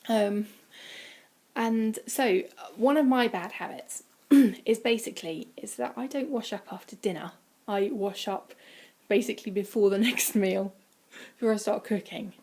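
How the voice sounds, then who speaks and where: A woman chatting casually from home in a vlog, rambling with many ums and dropping into quiet, breathy asides. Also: mid-range voice, a little slow, a little hiss or hum. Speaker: vlogger. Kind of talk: casual weight-loss vlog. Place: indoors at home, by a window.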